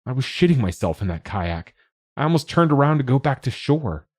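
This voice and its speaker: A man's voice: medium pitch, big pitch swings, a little fast, a little mellow, dry recording, voice pushed up. A man voicing a loving father in an audiobook, earnest and reassuring as he comforts his daughter.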